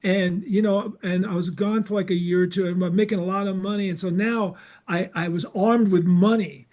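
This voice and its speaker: An older man with a noticeably high voice hosts a casual podcast chat. He tells stories with energy and acts out both sides of the dialogue. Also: normal speed. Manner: animated anecdotes, acts out dialogue. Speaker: podcast host.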